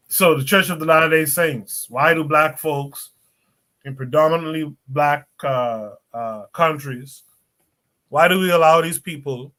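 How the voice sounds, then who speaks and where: A man's voice: on the high side, bright, forceful tone, a little hiss or hum. A man hosting a call-in podcast livestream, reading the chat aloud and welcoming callers. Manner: measured, reads the chat aloud. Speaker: podcast host.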